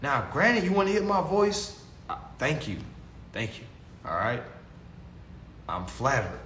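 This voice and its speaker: A young man with a mid-range, sing-song, slightly bright voice speaks at a measured pace over slight background noise. He teaches his followers consumer law in a casual, preachy way, repeating himself and calling them family, in an echoey room with faint ambience.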